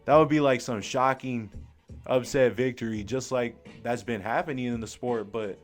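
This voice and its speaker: A young man doing live fan commentary on a boxing match, excited and slangy, full of exclamations. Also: medium pitch, normal speed, soft background music.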